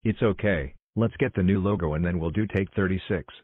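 A man directing a homemade cartoon blooper video, exclamatory and hurried, calling out cuts and takes. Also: low-pitched, phone-quality sound, a little hiss or hum. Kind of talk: scripted fan cartoon narration.

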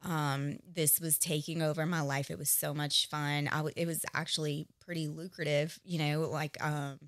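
A chatty woman in her thirties tells stories as a guest. Her voice sits a bit low and the recording is dry and close. She laughs often and acts out what people said. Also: little pitch movement, moderate pace, no echo. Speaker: guest, Zumba instructor and studio owner. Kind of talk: casual interview storytelling.

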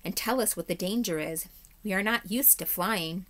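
A woman voicing a proud, shrill mouse knight who talks formally in a storybook reading. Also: normal speed, fairly bright tone, close to an everyday voice. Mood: stern. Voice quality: shrill, piping.

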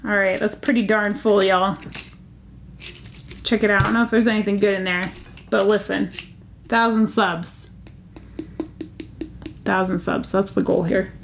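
Gravelly-voiced chatty woman. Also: mid-range voice, measured pace, pauses often, background noise. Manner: chatty, easily excited, gasping over finds. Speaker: jewelry channel host. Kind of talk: casual vlog chat.

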